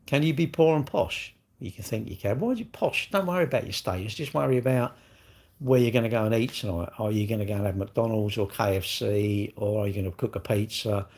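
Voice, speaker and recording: Husky rambling British man. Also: fairly low pitch, brisk, darkish tone. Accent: British English. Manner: rambling, chatty, answers viewer questions aloud. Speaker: livestream host answering chat. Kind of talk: casual chat.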